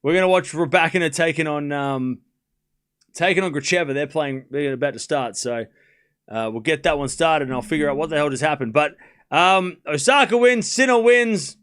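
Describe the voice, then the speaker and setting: Guy streaming a tennis watchalong, fairly high voice, chatty, laughs a lot. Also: normal speed, smooth. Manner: excitable, laughs often, thinks aloud with restarts. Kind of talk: live commentary and casual chat.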